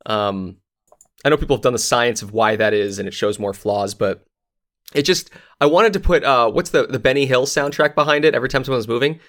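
A man's voice: medium pitch, a little fast, fairly bright tone. A man co-hosting a podcast, ranting bluntly and with profanity, breaking into laughs in casual chat. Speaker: podcast co-host.

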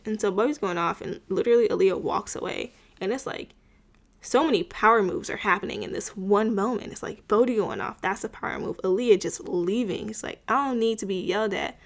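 A woman's voice: medium pitch, brisk. A young woman casually recapping a TV episode, chatty and full of filler words, with wry asides. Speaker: show recapper.

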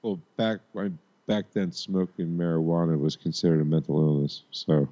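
A man's voice: low-pitched, normal speed, mellow. A man hosting a podcast in casual, rambling banter with many restarts, on a dull lo-fi recording. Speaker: podcast host. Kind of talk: casual chat.

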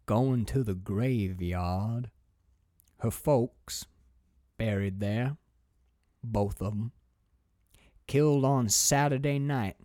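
A man doing a slow grim old country woman. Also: mid-range voice, dark tone, no echo, clean studio sound, voice pushed down. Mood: flat grim. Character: grim older rural woman mourning.

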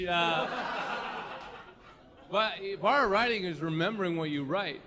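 A man's voice: high voice, slow pace, background noise. A man doing a rambling, self-mocking stand-up set, laughing as he goes. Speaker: stand-up comedian.

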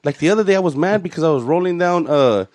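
A man tells a stand-up story in a high register. He swears freely and drops street slang. He sounds like a man in his thirties. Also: lively intonation, fast talker, a little mellow, dry recording. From Los Angeles. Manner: profane, storytelling, Chicano slang. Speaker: stand-up comedian. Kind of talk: stand-up set.

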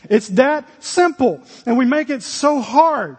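A man's voice: very high voice, fairly quick, hardly any pauses, long reverb tail. A man preaching a sermon as pastor, earnest and direct, with sudden emphatic exclamations.

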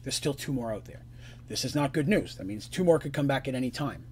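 A man narrating as game master on a live stream, in a relaxed, rambling style. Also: mid-range voice, brisk, a little hiss or hum.

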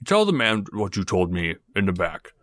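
A man's voice: deep voice, sing-song, moderate pace, fairly bright tone, no echo. A man voicing a burly male bartender in a tabletop game, with a sheepish, laughing manner.

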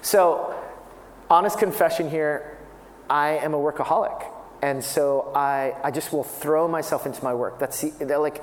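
A man in his thirties preaching in a conversational, self-deprecating way, with a slightly high voice. He acts out the people he quotes as he goes. The sound is roomy, with a long reverb tail from a large hall. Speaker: pastor. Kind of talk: sermon.

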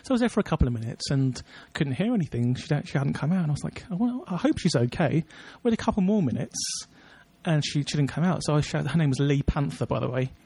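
A man's voice: on the high side, big pitch swings, fast, vocal fry, dark tone, breathy edge, no room sound. A young man co-hosting a podcast, chatting casually and telling rambling anecdotes with frequent laughs. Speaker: podcast co-host. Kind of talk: casual chat, storytelling.

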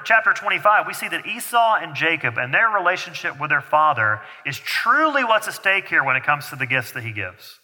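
A man's voice: on the high side, sharp tone. A man preaching a sermon as a pastor, talking to the congregation in a loose, conversational way and joking with the kids in the room. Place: church sanctuary. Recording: hall reverb.

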